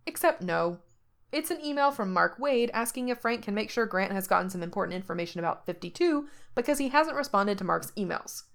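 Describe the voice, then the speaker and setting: A woman reading fiction aloud as narrator, with steady storytelling and lively rises in pitch.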